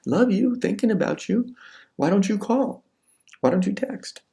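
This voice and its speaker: A man's voice: sits high, animated, measured pace, gravelly, mellow, voice pushed up, full character voice. A man voicing a young woman, an affectionate girlfriend sending breezy, sweet messages.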